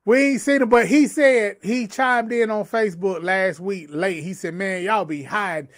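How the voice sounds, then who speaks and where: A man with a high-pitched voice co-hosts a livestream talk show in loose, slangy banter. He jokes and vents casually with his friends. The sound is dry and close to the mic. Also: moderate pace, dry recording. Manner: laid-back, joking, slangy banter. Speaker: podcast co-host.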